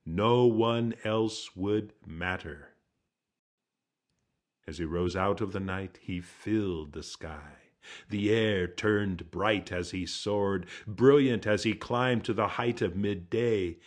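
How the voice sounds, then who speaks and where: Slow deep-ish guy telling a folk tale, hushed and dramatic. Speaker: storyteller. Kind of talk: storytelling narration.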